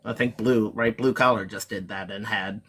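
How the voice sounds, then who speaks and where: A man's voice: lowish voice, fairly even intonation, normal speed, a bit bright, a little hiss or hum. A man talking as a guest on a live chat stream, rambling along with plenty of fillers and restarts. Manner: rambling, filler-heavy, self-interrupting. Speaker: guest reseller.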